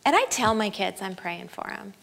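A woman's voice: medium pitch, lively intonation, moderate pace, vocal fry, fairly bright tone. A middle-aged woman giving an inspirational talk to mothers at a family camp, candid and self-deprecating, laughing easily at herself.

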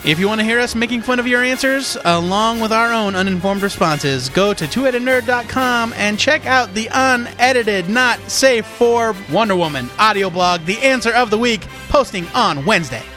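A man co-hosting a casual comics podcast, talking excitably and rambling with lots of "like". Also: high voice, normal speed, few pauses, soft background music. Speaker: podcast co-host.

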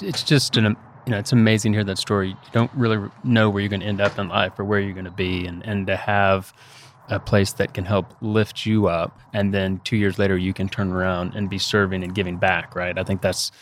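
A man hosting an interview chats in a friendly, easygoing way, now and then stumbling over his words. His voice sits on the lower side. He asks his guest questions in a relaxed, conversational tone. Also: fairly quick, slight background noise. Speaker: podcast co-host.

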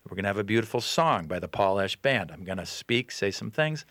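A man with an Upper Midwest American accent talks as a radio guest, his fairly low voice bright and forceful. He speaks in an earnest, animated way, often slipping into quoting others. The sound is close and dry. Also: brisk, no echo. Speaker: guest comedian and consultant. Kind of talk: casual radio interview.

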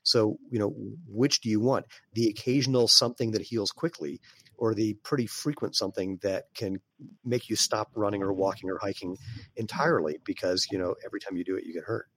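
A man speaking as an interview guest, explaining in a relaxed way with fillers and some throat clearing. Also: fairly low pitch, fairly quick. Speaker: guest, barefoot sandal maker. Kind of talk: casual conversational interview.

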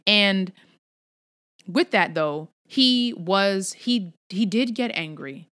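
A woman's voice: medium pitch, lively intonation, slow pace, a bit bright. A young woman giving an informal devotional talk to her followers, candid and conversational, mixing everyday slang with scripture. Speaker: Christian speaker addressing her email list.

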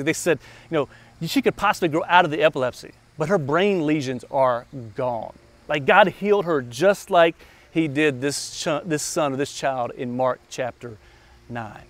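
A man's voice: on the high side, dry recording. Earnest man preaching a sermon. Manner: earnest storytelling with emphatic repetition. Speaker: pastor.

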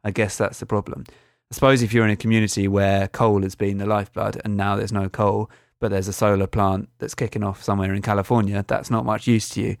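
A man's voice: lowish voice, level tone, fast talker, gravelly, no room sound. A man co-hosting a podcast in casual chat, with dry, wry remarks. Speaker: podcast co-host.

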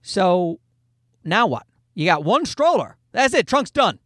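A middle-aged man doing a stand-up comedy routine, telling an exasperated story about his kids with loud acted-out asides. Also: high voice, big pitch swings, unhurried, dry recording, clean studio sound.

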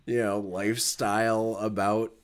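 A podcast co-host in relaxed banter, riffing on jokes with a playful touch. The talk stays loose and casual. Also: mid-range voice, measured pace, clean tone. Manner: joking and playful. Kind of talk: casual chat.

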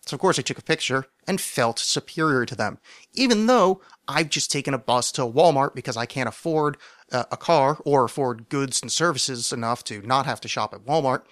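A man hosting a podcast, telling a comic story in a sardonic, self-mocking way, with mumbled asides and loud animated bursts. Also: medium pitch, a little fast, no echo, clean studio sound. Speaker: podcast host. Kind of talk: comedic storytelling monologue.

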